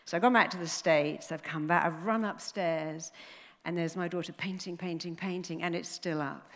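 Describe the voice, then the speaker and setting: A middle-aged woman telling a story to an audience, animated and acting out the voices of the people she quotes. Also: lowish voice, moderate pace, in a large hall. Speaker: speaker telling a client story.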